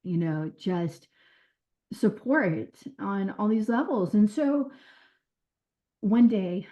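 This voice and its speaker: A woman who was a caseworker, telling her experiences in an interview in an earnest, animated way with quoted dialogue. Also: medium pitch, slow. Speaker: former caseworker. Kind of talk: recounting stories in an interview. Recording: dull lo-fi sound.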